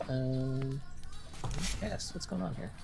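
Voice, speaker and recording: A player in an online tabletop game, speaking slowly with many fillers. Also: mid-range voice, creaky, music in the background. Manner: relaxed, slow, many fillers.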